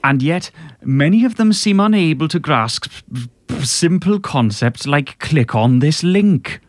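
A man doing a Welsh crooner reading a letter aloud, slow and stately, overly polite, lots of lift and swoop in the voice, dry close sound. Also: a little high, expressive, no room sound, voice pushed up. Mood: formal, pompous. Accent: Welsh, put on. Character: Welsh male singer impression, reading a letter formally.

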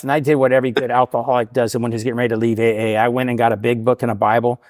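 A man's voice: mid-range voice, no room sound, studio quality. A middle-aged man, a podcast guest, telling his recovery story casually, often tagging "right?" and laughing at himself.

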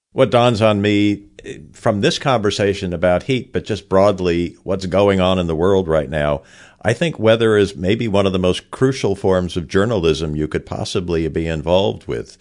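A man co-hosting a podcast, speaking earnestly and at length to thank the guest. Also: sits low. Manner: warm, earnest, long-winded thanks. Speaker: podcast co-host. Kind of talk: casual podcast chat.

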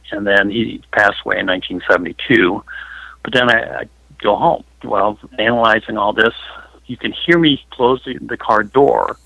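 Over a dull, lo-fi phone line, a middle-aged paranormal investigator tells emotional stories as an interview guest, rambling and using lots of fillers. His voice is lowish, pushed and bright, with no room sound.

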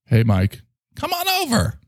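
A man voicing an overly cheerful man coaxing a friend to come over, in a high, sing-song, wheedling way. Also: wildly swooping pitch, a little slow, darkish tone, no room sound, studio quality.

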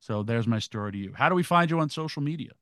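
A man's voice: mid-range voice, lively intonation, fast talker, a bit bright, dry recording, clean studio sound. A middle-aged man co-hosting an interview, telling an earnest story with intense, profane punchlines. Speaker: co-host. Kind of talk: casual interview chat.

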